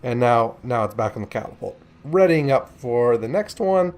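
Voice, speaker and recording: A man's voice: mid-range voice, lively intonation, moderate pace, a little mellow. A man casually commentating a warship gameplay video, chatty and joking with rambling asides.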